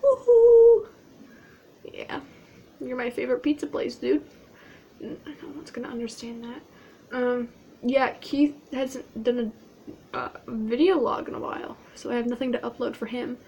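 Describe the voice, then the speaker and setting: Girl with a high voice, goofy self-mocking cosplay vlog rambling, faint hiss behind. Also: fairly even intonation, normal speed, creaky, darkish tone. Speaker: cosplayer vlogging in character. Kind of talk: casual in-character cosplay vlog.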